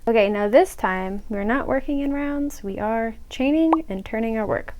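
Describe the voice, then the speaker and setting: A woman's voice: on the high side, moderate pace, hardly any pauses, a little mellow, a little hiss or hum, low-quality recording. A young woman casually explaining a crochet pattern step by step, with chatty, self-mocking asides. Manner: chatty, self-mocking asides, drops to a whisper when muttering to herself. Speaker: crochet tutorial host.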